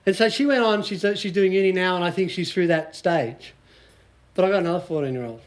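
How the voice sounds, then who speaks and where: Chatty Australian man, high-pitched coach. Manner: joking, chatty, quizzes the audience. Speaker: business coach speaking to a small group. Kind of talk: casual motivational seminar talk.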